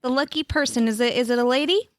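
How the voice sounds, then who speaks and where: A chipper advice-show hostess with breezy talk-show patter, played by a woman. Her voice is high and recorded close and dry. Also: fast, no echo, lightly acted. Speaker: host. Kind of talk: improvised comedy sketch.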